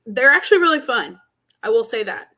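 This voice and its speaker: Bright-voiced blunt woman co-host. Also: fairly high pitch, expressive, a little fast. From Arkansas, US. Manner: blunt, opinionated. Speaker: podcast co-host. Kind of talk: casual sports chat.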